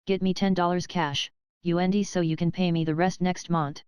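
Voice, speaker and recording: A woman's voice: on the low side, steady tone, moderate pace, darkish tone, clean tone, no room sound, studio quality, lightly acted. A woman voicing a coarse, greedy Dutch midwife with a heavy Dutch accent and a blunt, haggling manner.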